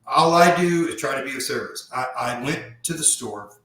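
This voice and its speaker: A man of middle pitch speaks with heartfelt sincerity, telling his own story and drawing out key words slowly. His voice rings through a strongly echoing room. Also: expressive, a bit bright. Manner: heartfelt, reflective, often slows down for emphasis. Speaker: podcast guest. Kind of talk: earnest personal storytelling. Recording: very echoey room.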